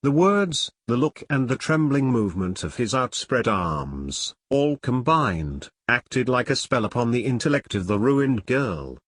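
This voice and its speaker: A man narrating a 19th-century novel aloud in a theatrical, expressive reading style. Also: mid-range voice, unhurried, hardly any pauses, dry recording, studio quality. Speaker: audiobook narrator.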